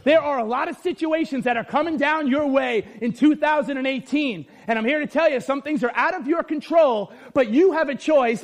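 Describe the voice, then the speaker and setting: A middle-aged pastor delivers an animated sermon, his unusually high-pitched voice rising into shouts to drive his points home. He talks to the congregation directly, asking questions and calling for responses. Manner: animated, often shouting for emphasis.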